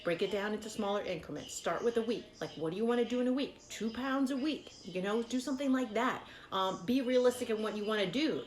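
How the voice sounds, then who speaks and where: A woman's voice: a little high, fast, hardly any pauses. Chatty, encouraging woman in an echoey room. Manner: chatty, encouraging, many fillers. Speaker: fitness vlogger. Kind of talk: casual advice to camera.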